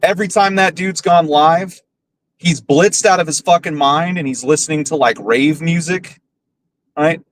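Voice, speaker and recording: A man's voice: on the high side, normal speed, no room sound, rough recording. A man hosting a podcast, ranting bluntly and profanely with scorn. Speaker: podcast host. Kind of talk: casual ranting commentary.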